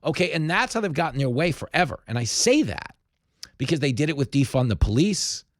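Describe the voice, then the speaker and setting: A man's voice: a little high, brisk, dry recording, clean studio sound. A man hosting an opinion podcast, talking emphatically and telling stories with energy. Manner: emphatic, animated storytelling. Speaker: podcast host. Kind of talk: opinion commentary.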